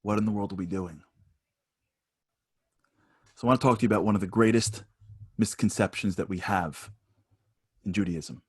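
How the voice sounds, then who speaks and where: A man giving a spoken lesson at an online seminar, telling personal stories and growing higher and louder as he gets animated. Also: moderate pace, long pauses, breathy edge, no room sound, clean studio sound. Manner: storytelling, rising higher and louder when animated.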